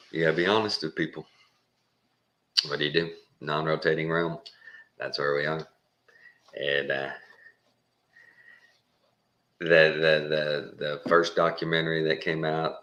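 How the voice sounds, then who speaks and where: A man's voice: extremely low pitch, little pitch movement, a little slow, a bit bright. A Texan man talking in a rambling, casual monologue, chuckling and mimicking other people's voices as he goes. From Texas. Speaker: channel host.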